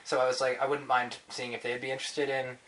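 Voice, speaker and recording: A man's voice: medium pitch, little pitch movement, fast, a bit bright, low-quality recording. A man, a podcast guest explaining his show in loose, rambling talk full of fillers and restarts. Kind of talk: casual interview chat.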